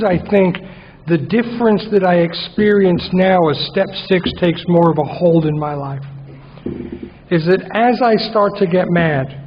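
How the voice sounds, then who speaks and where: A man's voice: high voice, a little hiss or hum. A man giving a wry recovery talk at a conference, telling a story and acting out his own inner voice. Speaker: AA conference speaker. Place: large conference hall. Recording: muffled conference hall recording.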